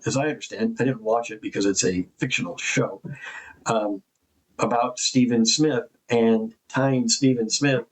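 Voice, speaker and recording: A man's voice: mid-range voice, husky, poor audio. A man, an investigative journalist, talking in a casual, joking way with lots of fillers and restarts. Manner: informal, joking, rambling with fillers. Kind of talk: casual conversation.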